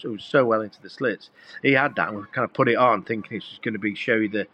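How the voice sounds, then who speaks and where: A man's voice: fairly low pitch, quick pace, bright, forceful tone. A middle-aged man, a guest musician, telling rambling anecdotes in casual conversation with many fillers and restarts.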